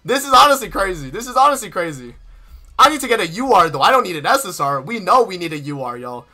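Lively, bright-voiced young man gaming. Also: high-pitched, fast talker. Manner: exasperated, repetitive slang, frequent laughter. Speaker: gaming streamer. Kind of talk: casual gacha summon commentary. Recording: faint game music behind. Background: game music.

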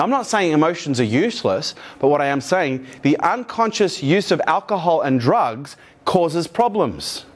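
A man giving a live motivational keynote to an audience, swearing freely and acting out quoted voices. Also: a little high. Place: conference room with live audience.

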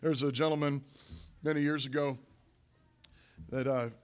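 A middle-aged male pastor preaching in a church, his voice sitting a little high for a man. He talks to the congregation in a loose, conversational way, circling back and repeating key words for emphasis. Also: flat delivery, normal speed, clear, resonant tone. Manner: conversational preaching with frequent restarts and repetition. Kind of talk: sermon. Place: church sanctuary.

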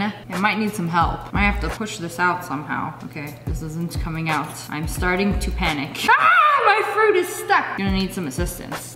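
A woman hosting a casual vlog, talking in a playful, jokey and exclamatory way. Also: mid-range voice. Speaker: YouTube host. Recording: echoey room with music behind.

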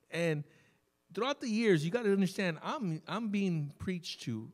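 A man preaching a sermon as pastor, telling stories conversationally and slowing down to stress key words. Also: high-pitched, lively intonation. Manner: conversational storytelling preacher, emphatic with sudden slow stresses. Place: church service.

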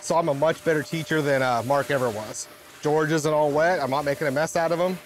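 A man's voice: a little high, a little fast, a little hiss or hum. A man who paints and details cars at a restoration shop, explaining his work steps in a plain, matter-of-fact way. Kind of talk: reality show interview and work commentary.

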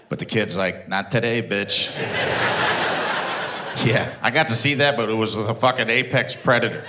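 A man in his thirties doing stand-up comedy, telling a story in a plain-spoken, profane and animated way. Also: on the low side. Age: 30s.

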